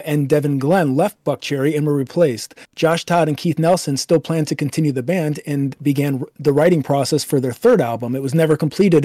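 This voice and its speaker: A man's voice: fairly high pitch, warm tone, dry recording, clean studio sound. A man hosting a casual podcast, reading band history and then raving about an album, swearing casually. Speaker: podcast host. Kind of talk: casual album review chat.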